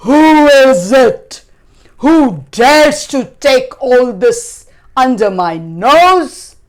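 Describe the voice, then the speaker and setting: Lady doing a big angry giant bellowing, swoopy and slow, storybook style. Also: sits high, sing-song, pitched above the performer's own voice, exaggerated voice. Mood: furious. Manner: thundering, threatening shouts. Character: huge furious male giant.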